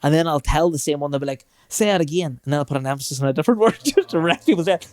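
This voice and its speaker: A man's voice: on the high side, animated, very fast, a little mellow, dry recording, clean studio sound. A man, co-hosting a podcast in casual chat and telling stories with frequent laughs. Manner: storytelling, laughs often while talking. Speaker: podcast co-host.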